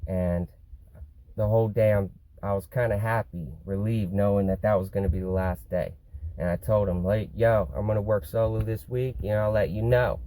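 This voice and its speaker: A man's voice: on the low side, steady tone, moderate pace, dark tone, low-quality recording. A man vlogging, casually telling a long story in a rambling way, full of "you know" and some swearing.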